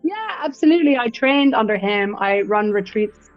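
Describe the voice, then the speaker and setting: Woman breathwork coach, animated storyteller, lo-fi dry recording. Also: mid-range voice, moderate pace, dry recording, faint music behind. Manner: animated storyteller who acts out quotes. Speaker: breathwork instructor, guest. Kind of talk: casual interview chat.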